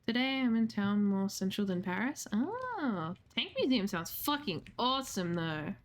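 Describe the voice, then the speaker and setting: A woman's voice: medium pitch, big pitch swings, measured pace, a little hiss or hum. A woman streaming a video game, chatting casually with her viewers, reading out their messages and answering them, with casual swearing. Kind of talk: casual gaming livestream chat.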